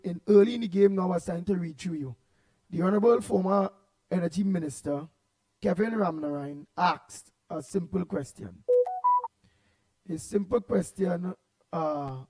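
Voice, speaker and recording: A Trinidadian man hosting a morning call-in radio show, loud and passionate as he greets listeners one by one by name. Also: sits high, no room sound.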